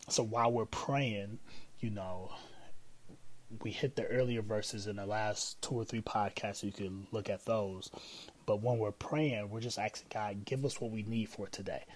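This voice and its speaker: A man's voice: lowish voice, a little hiss or hum, rough recording. A man hosting a casual teaching podcast on prayer, talking conversationally with many fillers and repeated phrases.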